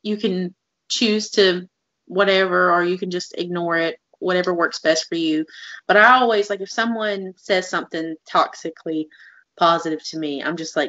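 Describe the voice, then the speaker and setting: A woman's voice: fairly low pitch, steady tone, normal speed, a bit bright, no room sound, muffled recording. A woman co-hosting a podcast, talking in an earnest, casual way that is full of "like"s. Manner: earnest, talks through examples with many "like"s. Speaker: podcast co-host.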